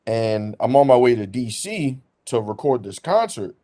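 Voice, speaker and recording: A man, a podcast host telling a long story in casual, slangy, animated chat. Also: mid-range voice, normal speed. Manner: animated, slangy, laughs through his story.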